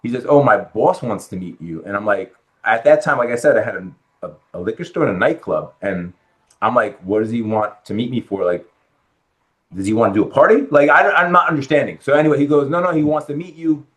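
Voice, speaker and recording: A middle-aged real estate lender from the Bronx, New York, appears as a guest on a podcast interview, telling his story with a brisk, mid-range voice. He's an animated storyteller, acting out what people said to him.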